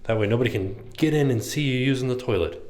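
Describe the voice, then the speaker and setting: A man's voice: mid-range voice, quick pace, darkish tone, slight background noise. Man, chatty vlogger, hotel room tour, mid-range voice, pointing things out. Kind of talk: casual walk-through narration.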